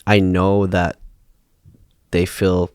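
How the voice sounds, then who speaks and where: A man co-hosting a podcast in casual chat, laid-back and quick with short replies and laughs. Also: low voice, completely flat delivery, darkish tone, clean tone, no echo, studio quality. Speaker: podcast co-host.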